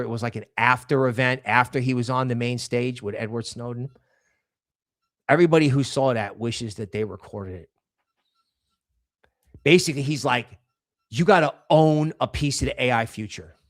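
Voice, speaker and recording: A man hosts a casual crypto livestream. He talks emphatically and rambles, often restarting sentences mid-thought. His voice sits at a middle pitch. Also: fairly bright tone. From New York area.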